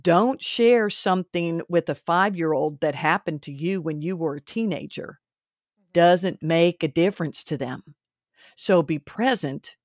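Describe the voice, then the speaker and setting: Slow, earnest woman podcast host. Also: lowish voice, no room sound, clean studio sound. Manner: earnest, instructive, gently preachy. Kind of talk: faith-based parenting talk.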